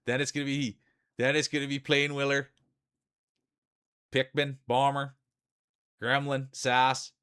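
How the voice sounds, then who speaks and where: A man with a thick Canadian accent calls marble races on a live stream in a chatty, easygoing play-by-play. His voice is smooth and resonant, at a middle pitch for a man. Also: flat delivery, a little slow, long pauses, a bit bright. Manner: chatty play-by-play with frequent laughs. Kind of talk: casual live-stream commentary.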